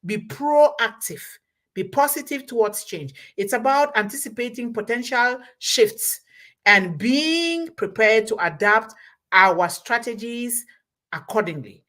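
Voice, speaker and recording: A woman's voice: fairly high pitch, lively intonation, slow pace, a bit bright. Woman host, motivational speaker, emphatic and repetitive, exhorting like a preacher. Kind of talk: motivational talk.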